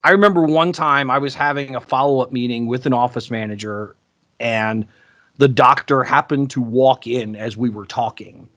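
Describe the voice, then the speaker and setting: A man co-hosting a podcast, telling sales stories in a casual, animated way and acting out the people he quotes. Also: mid-range voice, moderate pace, no room sound. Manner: animated, acts out quoted voices. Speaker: podcast co-host. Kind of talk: casual storytelling chat.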